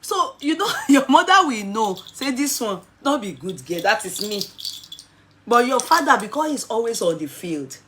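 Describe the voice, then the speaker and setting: Telling a personal story with animation, a Nigerian-accented woman in her forties slips into Nigerian Pidgin. Her voice is a little high at a normal speed, with slight background noise.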